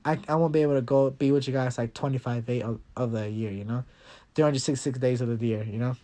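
A man's voice: mid-range voice, fairly even intonation, fast talker, warm tone. A young man hosting a casual podcast, joking and talking loosely with lots of fillers. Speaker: podcast host. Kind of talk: casual chat.

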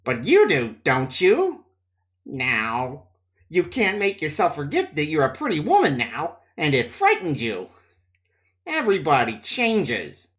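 A feverish young man speaks in a hoarse rasp, as a man reads him. He is sly and suspicious, taunting the people around him with sneering questions, his voice rising and falling a great deal. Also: on the high side, wildly swooping pitch, a little slow, a bit bright, full character voice. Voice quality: hoarse, rasping.

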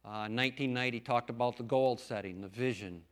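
A middle-aged man speaks in an earnest, homespun way, leaning hard on key words as he shares his testimony. His voice sits at an ordinary pitch for a man. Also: a little fast. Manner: earnest, folksy, emphatic. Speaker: lay preacher and farmer. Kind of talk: church testimony talk.

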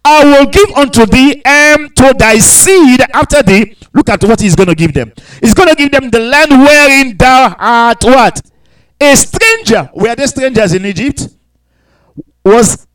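A man's voice: very high voice, low-quality recording. A man preaching a sermon, reading scripture aloud and breaking in with hallelujahs and questions to the congregation. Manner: asks the congregation questions, repeats phrases. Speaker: pastor.

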